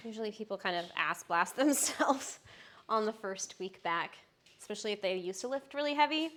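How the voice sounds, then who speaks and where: A woman's voice: medium pitch, expressive, moderate pace, fairly bright tone. A young adult woman, a personal trainer, chatting casually and upbeat on a live stream, with frequent fillers.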